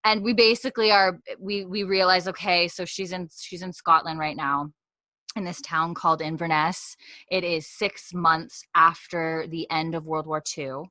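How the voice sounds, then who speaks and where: A woman's voice: lowish voice, level tone, moderate pace, pushed and bright, no room sound. A young woman co-hosting a podcast, recapping a TV episode in a rambling, chatty way with frequent laughs. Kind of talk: casual chat.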